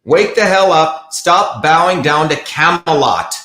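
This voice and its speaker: A combative man hosts a heated livestream, hammering his points home bluntly and repeating them. His voice sits a touch high for a man. The sound bounces around an echoey room. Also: animated, measured pace, sharp tone. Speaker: livestream host. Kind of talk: heated live commentary.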